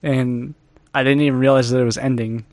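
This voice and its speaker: A man co-hosting a podcast in casual chat, jokey and animated, laughing often. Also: medium pitch, brisk, no room sound. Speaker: podcast co-host.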